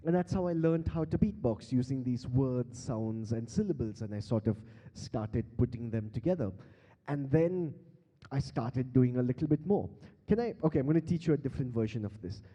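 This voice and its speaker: A man with a mellow, mid-range voice teaches beatboxing to an audience from a big conference stage, speaking animatedly at normal speed. Handheld mic in hand, he quizzes the crowd playfully and laughs a lot during this live workshop, with long reverb from the hall's PA.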